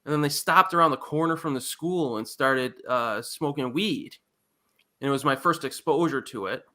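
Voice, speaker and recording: Male co-host, bright tone, laid-back casual storyteller. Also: mid-range voice, normal speed. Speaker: podcast co-host. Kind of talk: casual chat.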